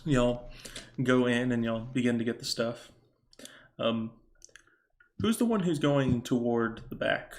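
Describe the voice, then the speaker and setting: A man running a tabletop game as game master, explaining the scene in a relaxed, casual way. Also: medium pitch, measured pace.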